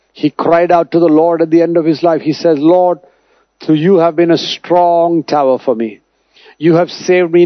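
Fervent preacher man, dry muffled sound. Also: no echo. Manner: declaring, swings between loud emphasis and low hushed lines. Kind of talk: sermon.

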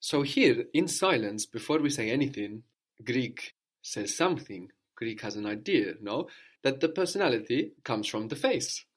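A man's voice: medium pitch, sing-song, moderate pace, breathy edge. A man teaching a spoken language lesson, explaining patiently and often checking in with a questioning "no?".

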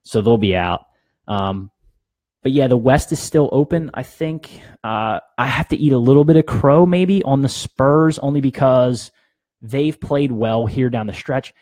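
A man's voice: mid-range voice, a little slow, dark tone, no room sound. A young man hosting a sports podcast, giving blunt, opinionated takes in casual talk and laughing at his own jokes.

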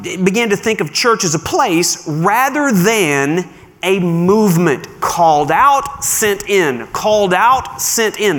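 A male pastor preaching a sermon to his congregation, conversational and animated, slowing down to stress key words. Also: sits high. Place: church sanctuary. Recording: long hall reverb.

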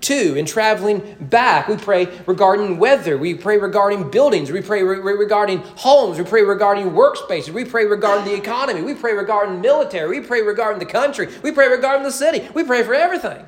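A man's voice: high-pitched, expressive, fast talker, few pauses. A man preaching a Sunday sermon to his congregation, conversational and joking, with rhetorical questions. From United States. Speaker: pastor. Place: church sanctuary.

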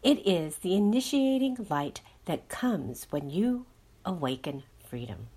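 Slow, soothing woman guiding a meditation. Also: fairly low pitch, big pitch swings, dark tone, slightly rough. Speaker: inner healing guide. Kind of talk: guided meditation and astrology talk.

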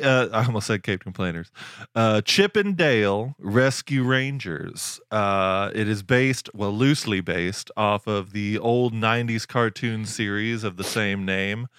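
A man hosts a casual podcast in an easy, unhurried drawl. His voice is smooth and clean, and the recording sounds close and dry. He jokes around and wanders with fillers between points. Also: on the low side, a bit bright, no room sound. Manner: jokey, rambling with fillers. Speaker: podcast host.

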